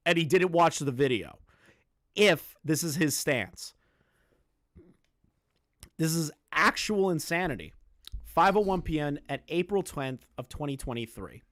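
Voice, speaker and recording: A male streamer talks bluntly and emphatically through online drama, swearing now and then as he makes his points. His voice sits a little high. The sound is dry and close, with no room echo. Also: expressive, unhurried, long pauses, fairly bright tone. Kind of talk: live-stream commentary.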